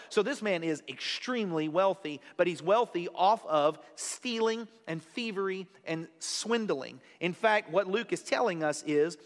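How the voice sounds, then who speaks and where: A man with a high voice preaches a sermon as a pastor. He explains in a relaxed, conversational way and repeats key lines to drive them home. His voice rings with the long reverb of a large hall. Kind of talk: expository sermon.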